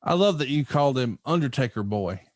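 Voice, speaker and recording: A man's voice: mid-range voice, animated, a little fast, no echo, clean studio sound. A man hosting a podcast, asking questions in an enthusiastic, casual interview chat. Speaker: podcast host.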